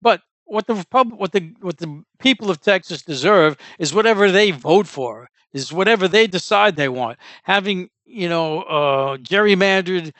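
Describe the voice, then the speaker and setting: A man's voice: sits high, expressive, moderate pace, hardly any pauses, fairly bright tone, no echo. Indignant rambling man, dry close mic. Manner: rambling, indignant, many restarts and fillers. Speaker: political commentary host. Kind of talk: casual political commentary.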